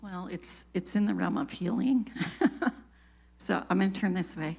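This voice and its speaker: A middle-aged woman sharing an emotional personal testimony with a church group, telling it with animated feeling and laughs. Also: medium pitch, measured pace, vocal fry, slightly rough.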